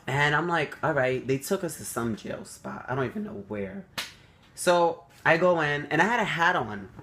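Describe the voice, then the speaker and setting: A young man telling a story to the camera, animated and swearing freely, acting out quotes. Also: normal speed, slight background noise. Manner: animated, swears freely, acts out quotes with big jumps up in pitch. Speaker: vlogger.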